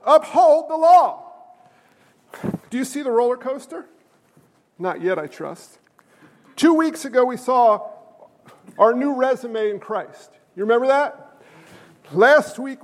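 A man preaching a sermon as pastor, an animated storyteller who jokes with the congregation. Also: very high-pitched, normal speed, in a large hall.

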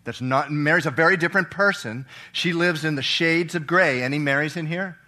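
A middle-aged man preaching a sermon, swinging between loud, emphatic lines and hushed, soft reading, and asking the congregation questions. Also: fairly high pitch, fairly quick. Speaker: pastor.

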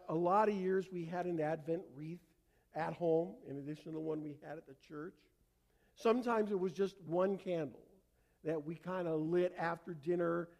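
A man preaching a sermon in a conversational way, asking rhetorical questions and dropping to a quiet, slow voice for solemn passages. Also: fairly high pitch. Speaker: pastor.

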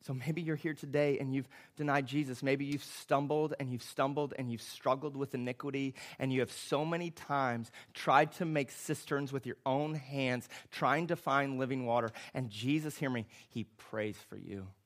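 A man preaching a sermon as a pastor, with emphatic, repetitive phrasing that builds to loud, impassioned passages. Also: mid-range voice, fairly even intonation, moderate pace, hardly any pauses.

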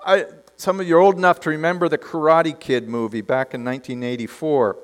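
A man preaching a sermon, telling a story with lively delivery and dropping to quiet emphasis. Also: on the high side, brisk. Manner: animated storytelling, acts out characters, drops to quiet emphasis.

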